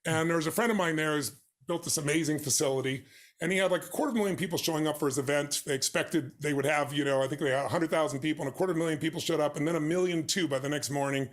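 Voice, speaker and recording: A man's voice: a little high, racing. A man as an interview guest, telling stories energetically and acting out the dialogue. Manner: energetic, acts out dialogue with big shifts. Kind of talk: animated storytelling in an interview.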